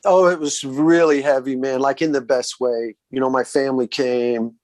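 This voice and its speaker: A man with a Southern US accent, a guest musician, telling road stories in a relaxed, casual way and often saying "man". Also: mid-range voice, moderate pace, dry recording. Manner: relaxed, says "man" a lot, acts out quoted voices. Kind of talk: casual storytelling interview.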